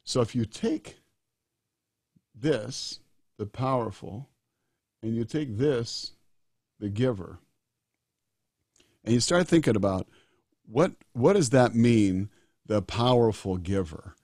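In earnest interview talk, a disaster doctor in his sixties stresses his points and returns to key phrases again and again. His mid-range, slightly mellow voice has lively intonation, a slightly slow pace and long pauses. The recording is studio quality with no echo.

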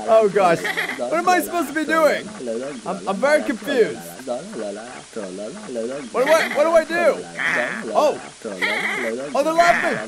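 A man doing excitable, giggly let's-play commentary, talking to his viewers as he plays. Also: extremely high pitch, measured pace, pauses often, a loud crowd. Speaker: gaming YouTuber. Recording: game music playing behind.

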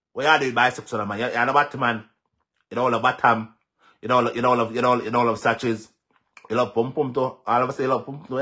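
A mid-range, bright voice carries a forceful tone as this social media commentator vents on a vlog. He has a Jamaican accent, slips between patois and English, and repeats himself to make his point.

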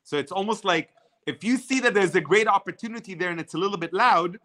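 A man whose first language is not English gives energetic networking advice over a video call. He often repeats words as he starts sentences. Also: sits high, quick pace. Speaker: networking guest speaker.

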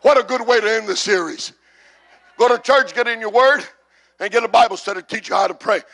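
A man preaching with a high, gravelly voice. He drives home his points by repeating phrases, then climbs into loud shouted calls for the congregation to answer back. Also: fairly quick. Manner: repetitive call-and-response preaching, builds to shouts. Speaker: pastor. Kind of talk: sermon. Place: church service.

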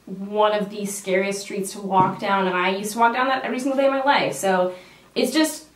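A young Canadian beauty vlogger tells a story in casual chat while doing her makeup, swearing freely. Her medium-pitched voice stays steady in tone and runs a little fast, picked up by a distant mic with roomy echo.

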